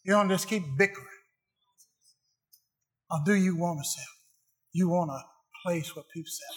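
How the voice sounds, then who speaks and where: A man's voice: high voice, normal speed, long pauses. A man preaching a sermon to a congregation, emphatic and rhythmic, repeating phrases for effect.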